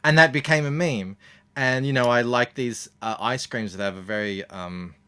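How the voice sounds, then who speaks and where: A man's voice: medium pitch, normal speed, clear, resonant tone. An Australian man, a comics creator, chatting casually as an interview guest and telling stories with plenty of ums and uhs. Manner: relaxed storytelling with many fillers.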